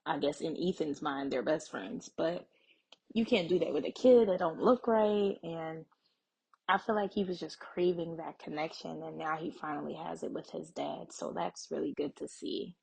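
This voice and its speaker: Husky-voiced woman reacting to a TV show. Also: sits low, moderate pace, darkish tone, rough recording. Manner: chatty, addresses viewers directly, thinks aloud with fillers. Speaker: reaction video host. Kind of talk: casual TV reaction commentary.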